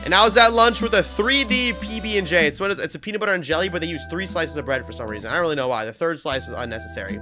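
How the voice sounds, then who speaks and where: A man chatting casually with his viewers during a live game stream, telling stories with sudden excited bursts. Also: on the high side, rapid-fire, hardly any pauses, faint music behind. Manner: excitable storyteller, talks to chat, loud bursts. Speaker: livestreamer. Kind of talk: casual live-stream chat while gaming.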